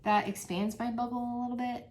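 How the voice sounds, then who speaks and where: A middle-aged woman talking casually to her channel's viewers, soft-spoken, with many pauses and frequent little laughs. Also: fairly high pitch, little pitch movement. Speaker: channel host. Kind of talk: casual vlog chat to viewers.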